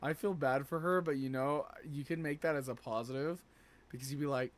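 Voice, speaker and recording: A man's voice: mid-range voice, a little fast. A man reacting to clips on a live stream, casually joking with plenty of crude swearing. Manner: crude, joking, laughs often. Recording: noisy stream audio.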